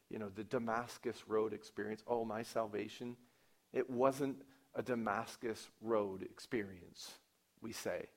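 Preaching at a slow, deliberate pace, a pastor with a gravelly voice quizzes his congregation and performs quoted lines aloud. He shifts from loud, forceful statements down to hushed, quiet asides.

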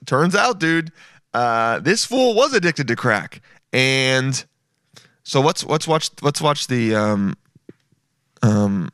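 A young man with a medium-pitched, fairly bright voice hosts a casual comedy podcast, crude and mocking and often slipping into silly voices. The studio-quality recording has no echo.

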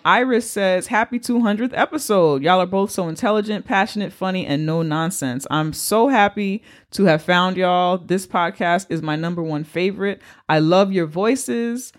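A woman's voice: fairly low pitch, moderate pace, hardly any pauses. A woman with a Bronx accent co-hosting a podcast, upbeat as she reads out listener messages and thanks people by name. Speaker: podcast co-host. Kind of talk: casual chat, reading listener messages.

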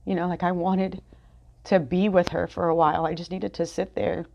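A woman's voice: lowish voice, level tone, normal speed, gravelly, darkish tone, a little hiss or hum. A woman hosting a podcast, sharing a candid, rambling personal reflection full of fillers and restarts, just after crying. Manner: candid, rambling, many fillers and self-corrections. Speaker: podcast host. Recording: dull lo-fi sound.

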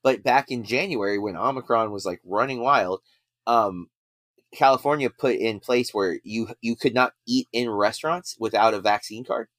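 A podcast co-host with a fairly low, fairly bright voice speaks at normal speed in a dry recording. His casual chat rambles, with many fillers and restarts.

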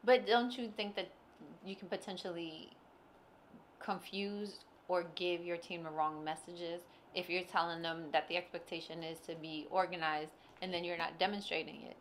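Woman, lower voice, probing co-host, casual chat, faint background hiss. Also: fairly even intonation, normal speed. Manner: probing, challenging, pushes back. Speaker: co-host, interviewer.

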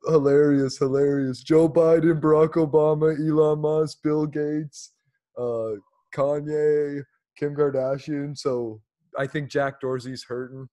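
Casual guy from canada, kinda high voice, cracks sarcastic jokes, laughs a lot reacting to news. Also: flat delivery, takes it slowly, dark tone. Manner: jokey, laughs often, sarcastic asides. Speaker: podcast host.

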